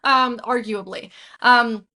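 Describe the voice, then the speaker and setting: Bright-voiced woman, emphatic host. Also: a little high, fairly even intonation, slow. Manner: emphatic and opinionated. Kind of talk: casual conversation.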